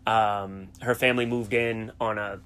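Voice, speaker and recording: A middle-aged man with a softened Boston accent, a college track coach chatting easily in an interview, with plenty of fillers. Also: fairly low pitch, steady tone, a little slow, clear, resonant tone. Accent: softened Boston, New England. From South Shore of Massachusetts. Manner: easygoing, storytelling, frequent fillers. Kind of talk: casual interview chat.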